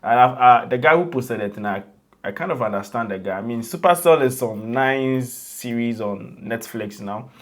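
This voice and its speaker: A man's voice: medium pitch, lively intonation, moderate pace. A man with a Ghanaian accent co-hosting a casual gossip chat, easygoing and rambling, who laughs often. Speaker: co-host.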